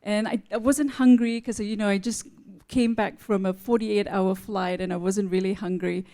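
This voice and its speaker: Woman on a panel telling a funny story, warm mellow voice, animated. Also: medium pitch, normal speed. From outside the United States. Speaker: panel moderator.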